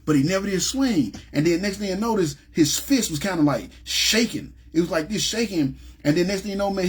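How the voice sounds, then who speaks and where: A man from Memphis telling his personal testimony in a rambling, animated way and often asking "you know what I'm saying". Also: fairly high pitch, breathy edge. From Memphis, USA. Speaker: ministry speaker giving testimony.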